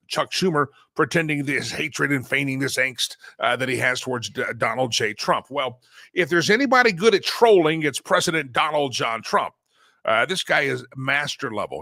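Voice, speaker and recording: Bright-voiced mocking male talk host. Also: medium pitch, no room sound. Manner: mocking, rambling, chuckling asides. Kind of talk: political commentary show.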